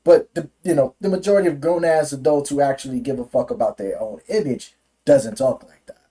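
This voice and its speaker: A man's voice: medium pitch, a little fast, warm tone, breathy edge. A man ranting through political commentary on a livestream, profane and heated, often restarting his sentences.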